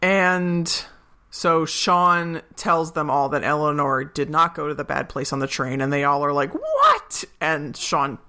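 A podcast co-host recapping a television episode in loose, casual chat, often breaking into laughter. The voice is bright and forward, with middling pitch. The host acts out bits of dialogue along the way. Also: little pitch movement, measured pace, smooth. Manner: chatty, laughs often, acts out quoted lines.

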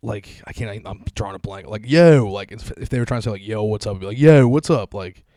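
A man's voice: lowish voice, fairly even intonation, fast, darkish tone. A man from the area, chatting casually in a loose, rambling way full of "like" and laughs. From Boston area. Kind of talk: casual chat.

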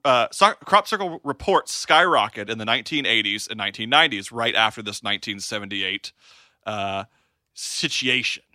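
Young man with bright, dry voice. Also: on the low side, lively intonation, normal speed, no room sound. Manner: explains researched facts, jokes around. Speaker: podcast host. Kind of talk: casual chat, storytelling.

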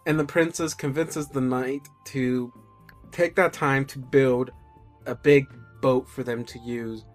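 A man's voice: medium pitch, fairly even intonation, slow, soft background music. A man improvising a story in a casual group game, rambling with many fillers.

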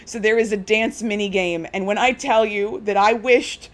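A woman's voice: medium pitch, steady tone, normal speed. A woman co-hosting a podcast, retelling in a gushing, rambling way with lots of fillers. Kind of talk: casual chat.

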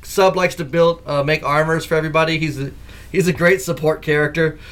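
Give me a lively male podcast host, slightly high-voiced, chatting casually and laughing as he tells stories. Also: fairly quick. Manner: animated storyteller who laughs often. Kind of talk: casual chat.

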